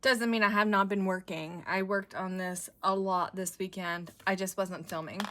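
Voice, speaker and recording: Hosting a craft video, a middle-aged woman chats and giggles while thinking aloud over her work, slightly winded. Her medium-pitched voice is fairly bright and steady in tone, at a normal speed.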